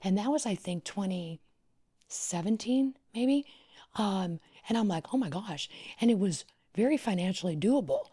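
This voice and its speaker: A middle-aged woman from Louisiana, a podcast guest, tells her story expressively, sometimes dropping to a whisper and sometimes rising with excitement. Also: mid-range voice, normal speed, husky. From Louisiana, USA. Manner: expressive, often drops to a whisper or rises excitedly. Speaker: podcast guest, wedding planner. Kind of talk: animated storytelling in conversation.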